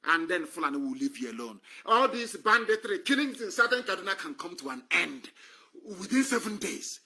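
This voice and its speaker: On a live stream, a Nigerian man delivers an impassioned, scornful political monologue, repeating phrases for effect. His high-pitched voice is bright, forceful and a bit breathy, with a sing-song, fairly quick delivery.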